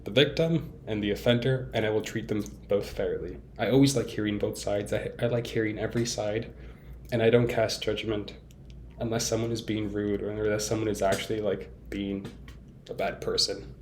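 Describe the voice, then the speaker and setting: A young adult man vlogs in a candid, lengthy monologue, rambling with fillers and restarts while poking fun at himself. His lowish voice is steady and moderately paced, with a little hiss or hum in the recording.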